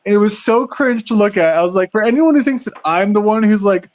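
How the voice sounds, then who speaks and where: Quick, rambling young man. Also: high voice. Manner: rambling, filler-heavy, quick. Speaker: streamer. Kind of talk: casual chat.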